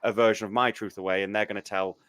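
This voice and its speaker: A man's voice: on the low side, flat delivery, fast talker, a bit bright, no room sound. A man hosting a podcast, talking casually and reflectively, often stumbling through false starts. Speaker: podcast host. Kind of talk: casual chat.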